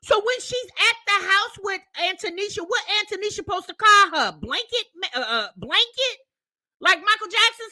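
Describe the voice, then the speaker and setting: Sassy high-voiced woman roasting a clip. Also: lively intonation, moderate pace, no echo, clean studio sound. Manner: sassy, mocking, loud outbursts. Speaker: reaction video host. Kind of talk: commentary on a played clip.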